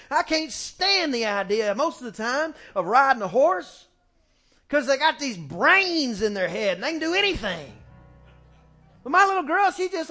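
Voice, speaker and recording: A middle-aged man preaching a folksy, animated sermon in a church, speaking into a handheld microphone. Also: extremely high pitch, normal speed, soft background music. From small-town US. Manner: folksy and animated, acting out family quotes. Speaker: pastor. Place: church sanctuary, music faint behind.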